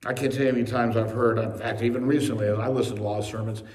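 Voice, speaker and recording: A male pastor preaching a sermon with emphasis, slowing on key phrases and speeding through asides. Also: medium pitch, steady tone, darkish tone. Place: church sanctuary. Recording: echoey church from a distance.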